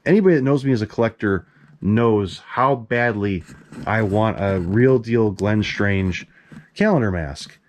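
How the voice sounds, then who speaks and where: A middle-aged man, a collector, telling a long story about his masks in casual, excitable talk. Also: fairly low pitch, a little slow, a little hiss or hum. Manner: animated, excitable, swears casually.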